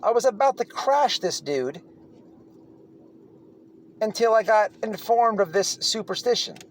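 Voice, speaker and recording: A man spins a casual, rambling tale in a somewhat high voice. He is blunt and swears freely, backing up to restart his sentences as he goes. A faint background noise sits under his voice. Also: animated, a little slow. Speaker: channel host telling prison stories. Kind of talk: casual storytelling monologue.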